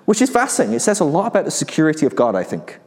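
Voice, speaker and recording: Chatty preacher in a reverberant hall. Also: male voice, a little high, wildly swooping pitch, racing, a little mellow. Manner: conversational, rhetorical questions, chuckles. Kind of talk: casual sermon.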